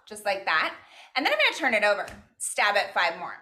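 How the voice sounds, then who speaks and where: A woman's voice: mid-range voice, wildly swooping pitch, a little fast, pushed and bright, faint music behind. A woman teaching a virtual cooking class, upbeat and encouraging, weaving Spanish words and counting into her instructions. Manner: upbeat, mixes in Spanish phrases and counts aloud. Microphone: video call.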